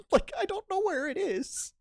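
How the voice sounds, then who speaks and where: Young man, casual storytelling, animated, laughs a lot, dry close sound. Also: very high-pitched, vocal fry, dry recording. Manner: animated, rambling, laughing, acts out quoted lines. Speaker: podcast guest.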